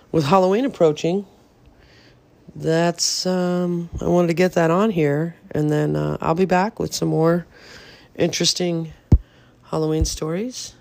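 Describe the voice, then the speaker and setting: A man who is an adult parent hosts a podcast and casually tells his listeners a ghost story, rambling with lots of fillers and the odd swear word. His voice is fairly high, creaky and darkish in tone, with no room sound.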